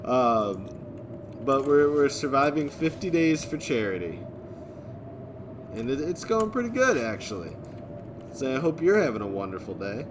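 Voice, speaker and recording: A man live-streaming, reading and answering viewer chat in a relaxed way, chuckling often. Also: mid-range voice, unhurried, pauses often, noisy background. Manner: laid-back, chuckling often, thanking viewers.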